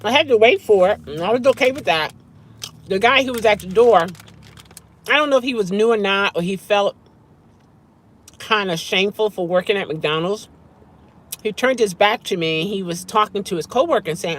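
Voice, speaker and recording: Speaking at a fairly quick clip in a medium-pitched voice, a woman films a casual car vlog over a meal. She's a rideshare driver, chatty and humming as she enjoys each bite.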